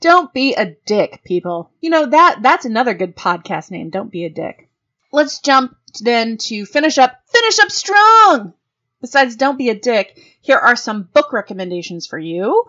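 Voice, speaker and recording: A woman in her forties hosts a casual monologue podcast. She is blunt and profane, and she voices the people in her stories with sudden high-pitched swings. The recording sounds slightly dull and lo-fi. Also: normal speed. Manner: frank, profane, animated storytelling with big voice swings for quoted reactions. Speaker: podcast host.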